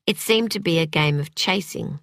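A woman narrating a novel in an expressive, dramatic reading style, recorded on a close studio mic. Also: deep voice, moderate pace, dry recording. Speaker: audiobook narrator. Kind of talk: scripted narration.

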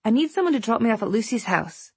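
A woman's voice: on the high side, sing-song, quick pace, darkish tone, husky, no room sound, pitched above the performer's own voice, exaggerated voice. A woman voicing a sweet but firm older sister, a young girl speaking matter-of-factly.

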